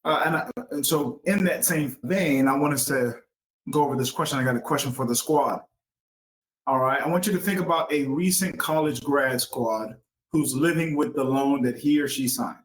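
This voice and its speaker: A man's voice: mid-range voice, normal speed, rough recording. A man hosting an educational talk show, speaking upbeat to the listeners as folks. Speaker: podcast host.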